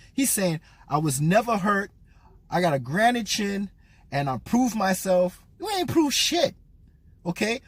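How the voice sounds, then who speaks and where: A man's voice: sits high, slightly rough, dry recording. A man giving a blunt, profane, mocking rant as a boxing commentator.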